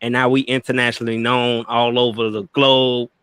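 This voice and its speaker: A man's voice: medium pitch, little pitch movement, moderate pace, fairly bright tone, clear, resonant tone, no room sound. A man from Florida, a podcast founder talking in a confident, slangy casual manner. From Florida, US South. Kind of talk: casual interview chat.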